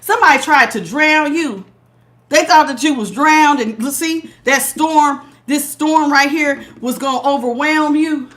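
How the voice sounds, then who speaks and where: A middle-aged woman giving a casual tarot reading to her viewers, animated and laughing, calling them honey and baby. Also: high voice, unhurried. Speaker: tarot reader.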